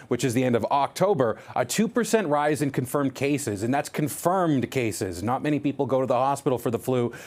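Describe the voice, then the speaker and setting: A man reporting live for a news broadcast, talking through the facts in an easy, explanatory way. His voice sits at an ordinary middle pitch, and he sometimes restarts a phrase as he thinks aloud. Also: a little mellow.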